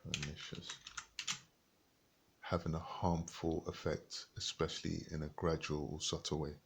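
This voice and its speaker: A man reading a book aloud haltingly, stopping to look up words and rereading passages. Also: very deep voice, level tone, creaky, noisy background. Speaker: reader.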